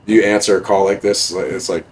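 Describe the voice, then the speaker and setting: A man's voice: low-pitched, steady tone, fairly quick, slight background noise, poor audio. A young man, a podcast guest, telling stories in a laid-back, casual way, swearing often and using many fillers. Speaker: podcast guest, music producer. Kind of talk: casual storytelling.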